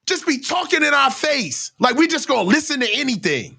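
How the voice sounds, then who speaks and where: High, animated ranting man. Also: fairly quick, gravelly, hardly any pauses, a little hiss or hum. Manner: heated, slangy ranting. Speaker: host of a live football reaction show. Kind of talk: live sports reaction commentary.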